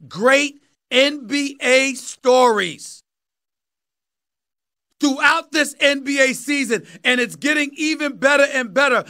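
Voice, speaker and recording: A man in his fifties with a New York accent, delivering an emphatic, preacherly sports commentary monologue and often shouting and repeating phrases for effect. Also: very high voice. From New York, USA. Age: 50s. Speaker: sports talk show host.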